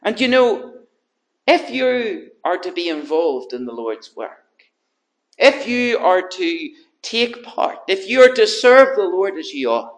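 A man preaching an evening sermon, swinging between loud urgency and hushed earnestness, with emphatic repetition. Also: high-pitched, big pitch swings, slow pace, rough recording.

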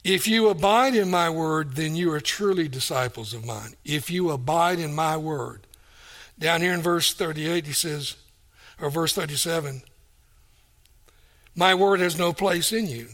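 A man's voice: fairly high pitch, a little slow, a bit bright. A man preaching a sermon, reading scripture aloud and explaining it verse by verse, repeating key phrases for stress.

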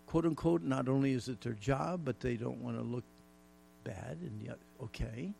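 Gravelly-voiced man preaching a sermon. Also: medium pitch, moderate pace, warm tone. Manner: folksy preaching with jokes, emphatic repetition. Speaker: pastor.

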